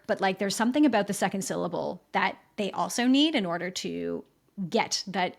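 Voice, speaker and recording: A woman's voice: medium pitch, animated, moderate pace, creaky. A woman hosting her own podcast, talking candidly to listeners and often checking in with them. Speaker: podcast host. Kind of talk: candid solo podcast talk. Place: home in a rainy city.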